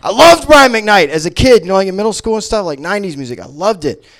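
A man's voice: high-pitched, very animated, fast, a bit bright. A man from Memphis doing a self-deprecating, rambling stand-up set in a shop venue. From Memphis, Tennessee. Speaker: stand-up comic. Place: comic book shop venue.

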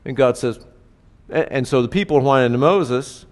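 A man's voice: medium pitch, normal speed. A man preaching a sermon in a conversational way, often asking his listeners rhetorical questions. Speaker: pastor. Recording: reverberant hall.

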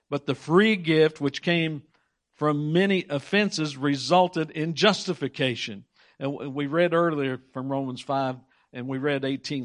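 A man preaching a sermon, reading scripture aloud and repeating words for emphasis while he puts questions to his congregation. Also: a little high.

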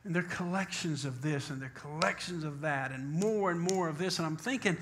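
A man pastor preaching a sermon emphatically, asking rhetorical questions and slowing down to read scripture. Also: on the high side, a bit bright, a little hiss or hum.

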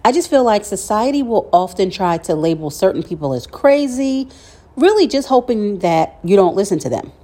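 Woman, podcast host, solo talk, mellow tone, wry sarcastic asides. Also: medium pitch, lively intonation, normal speed.

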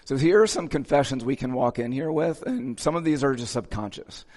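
A man's voice: mid-range voice, expressive, fairly quick, darkish tone, in a large hall. A male pastor giving a conversational sermon in a church, casually checking in with his listeners as he goes.

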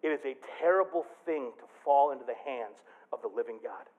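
A man preaching a sermon as pastor, telling a story with big swings from quiet to loud. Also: medium pitch, expressive, brisk, narrow, tinny audio. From Michigan.

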